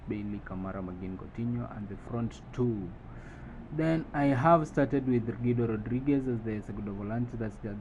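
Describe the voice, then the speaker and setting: A man's voice: on the low side, dull audio, noisy background. Man thinking aloud over a football sim. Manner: thinking aloud, breaking into excited play-by-play calls. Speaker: gaming channel host. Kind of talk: let's-play commentary on a football management game.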